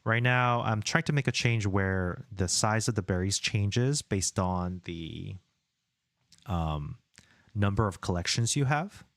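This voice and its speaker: A man's voice: lowish voice, slow, a bit bright, no room sound, studio quality. A man streaming his indie game development, chatting casually, muttering to himself and reading viewer chat aloud while he works.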